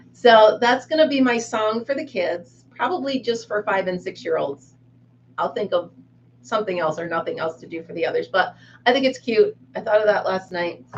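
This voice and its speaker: A woman hosts a relaxed live chat from a room at home. She talks in a chatty, giggly way and pokes fun at herself. The recording is a little dull and lo-fi, with a faint hiss underneath. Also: mid-range voice. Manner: giggly, chatty, self-mocking. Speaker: live-stream host. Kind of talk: casual live chat with viewers.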